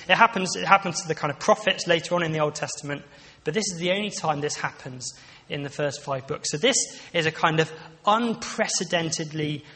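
A man's voice: on the high side, pushed and bright. A man giving a conversational sermon, with frequent restarts and asides. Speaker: preacher. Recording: long reverb of a large hall.

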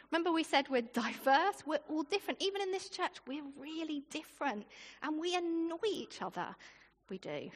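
A high-pitched woman gives a lively, conversational sermon in a church. Her voice rings out with a long hall reverb, and she keeps breaking into informal asides and chuckles. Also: moderate pace. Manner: chatty and animated, with asides and laughter. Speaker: preacher.

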